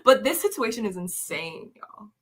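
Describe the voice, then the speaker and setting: A woman's voice: medium pitch, very animated, moderate pace. A woman hosting a casual commentary livestream, reading viewer comments aloud and reacting with laughs and exclamations, often calling her viewers "y'all.". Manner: chatty, addresses viewers as "y'all".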